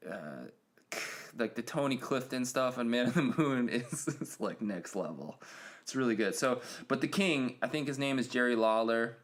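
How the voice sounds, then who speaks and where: A man with a fairly low-pitched voice hosts a solo podcast, talking casually and rambling with many fillers and restarts.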